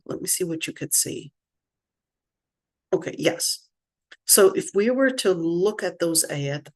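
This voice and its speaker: A middle-aged woman teaching an online scripture lesson, thinking aloud as she works her screen and slowing down to stress her questions. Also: sits low, a little mellow. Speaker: religious teacher.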